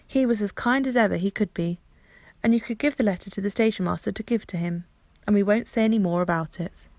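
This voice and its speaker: A loving but stern mother from a storybook, as a woman reads her lines. She talks firmly and earnestly in an even, mid-pitched voice. The sound is dry and close. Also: quick pace, dry recording, close to an everyday voice. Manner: firm and earnest, then softening.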